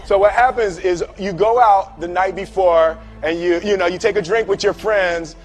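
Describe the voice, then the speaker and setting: A man giving a humorous motivational talk, telling a story with animated delivery, acting out voices, often laughing and checking in with "right?". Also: high voice, moderate pace, faint music behind. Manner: repeats words and tags lines with "right?". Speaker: speaker.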